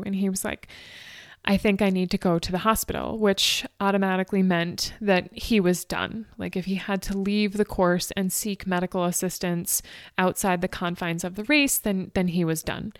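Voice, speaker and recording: A woman's voice: medium pitch, steady tone, moderate pace, dry recording, studio quality. Emotional woman retelling a race. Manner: emotional, fighting back tears; frequent fillers like "like" and "um". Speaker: ultrarunner recounting a race. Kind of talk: personal storytelling.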